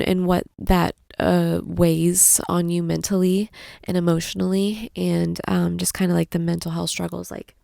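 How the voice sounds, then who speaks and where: A young adult woman hosting a casual podcast, rambling and soft-spoken, restarting her sentences often. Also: fairly low pitch, gravelly, dry recording, studio quality. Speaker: podcast host, mother. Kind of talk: casual chat.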